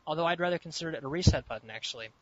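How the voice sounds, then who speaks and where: A man's voice: fairly high pitch, racing. A man chatting on a podcast in a hesitant, rambling way, asking the others questions. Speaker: podcast guest and co-host. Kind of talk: casual chat. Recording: lo-fi voice chat with faint noise.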